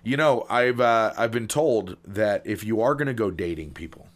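A man co-hosting a casual podcast speaks at normal speed in a lowish, animated voice. He rambles with lots of fillers while setting up pun jokes.

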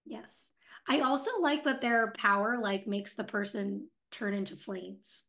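A woman's voice: medium pitch, measured pace, pushed and bright. A woman co-hosting a podcast, casually discussing a TV episode and building on her co-host's points. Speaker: podcast co-host.

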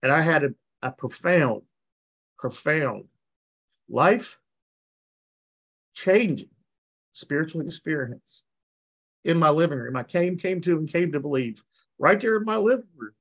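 A man's voice: fairly high pitch, animated, normal speed, a bit bright, highs cut off. A man giving a personal recovery testimony on a video call, telling his story in a folksy way and acting out the people he quotes. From West Virginia. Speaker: recovery meeting speaker.

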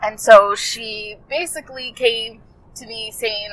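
A health coach who hosts a podcast shares a client story with her listeners, speaking casually and from the heart, rambling a bit and often correcting herself mid-sentence. Her voice sits on the high side, with fairly even intonation and a slow pace. The recording is rough.

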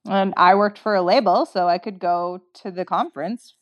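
A woman's voice: mid-range voice, fairly even intonation, normal speed, lo-fi sound. A woman from Canada, a guest in a casual interview, who tells a story in a chatty way, acts out her own past lines and says "like" often. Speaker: interview guest, record maker.

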